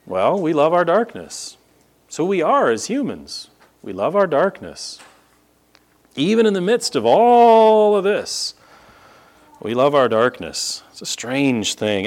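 Unhurried and a little high, this male pastor's voice makes huge pitch swings as he preaches from a podium in a church sanctuary. He asks the congregation rhetorical question after rhetorical question, acting out reactions of disbelief.

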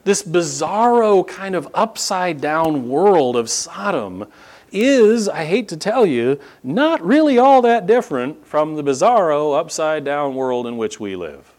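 Animated male preacher, lively pitch. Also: a little slow. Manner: animated, rhetorical questions to the congregation; acts out incredulous reactions. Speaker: pastor. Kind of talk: sermon. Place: church sanctuary at a podium.

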